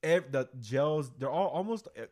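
A man's voice: a little high, animated, normal speed, darkish tone. A man hosting a casual podcast, retelling a movie in a rambling, profane way. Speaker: podcast host. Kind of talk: casual chat.

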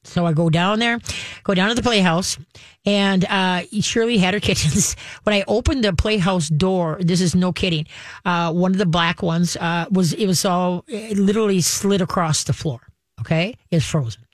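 A woman tells a long story in casual conversation, rambling with many fillers and restarts. Her voice is fairly low and moderately paced, recorded at studio quality with no echo.

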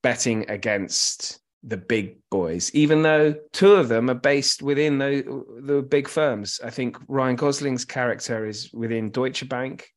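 A man's voice: medium pitch, a little slow, few pauses. Guy rambling about a movie, lots of restarts, casual chat. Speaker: film club co-host. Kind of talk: casual film discussion.

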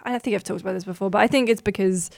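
A woman from the north of England with a softened northern English accent, chatting casually as a podcast co-host. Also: medium pitch, very fast, creaky, dry recording, studio quality. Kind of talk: casual chat.

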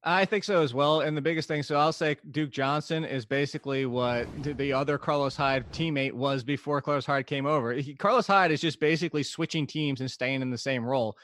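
A man's voice: mid-range voice, brisk, few pauses, fairly bright tone, dry recording. A man co-hosting a casual sports podcast, giving long analytical explanations. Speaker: podcast co-host.

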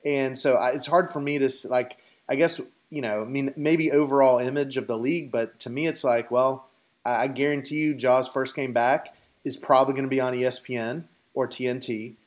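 Male co-host, mid pitch, rambling and musing, casual podcast chat. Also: steady tone, fairly quick. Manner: thinks aloud with many fillers and restarts.

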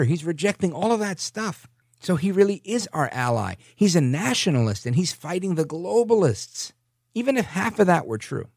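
A man's voice: on the high side, dry recording, studio quality. Sarcastic man ranting animatedly. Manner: sarcastic, animated, mimics people in voices. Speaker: political commentary host. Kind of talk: opinionated monologue.

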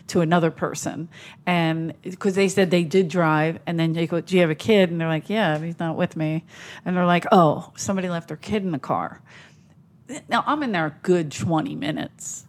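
A woman's voice: lowish voice, normal speed. A woman comedian with a Philadelphia accent, telling stories bluntly and with some profanity in casual podcast chat. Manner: animated storyteller, profane and blunt. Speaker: comedian guest.

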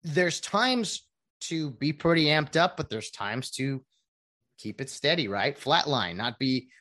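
A woman delivering a casual sports rant to her viewers, her speaking voice lower than most. Her pitch swings widely as she rambles, doubling back and correcting herself. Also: animated, takes it slowly, fairly bright tone. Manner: rambling, with many restarts and asides. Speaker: sports commentator.

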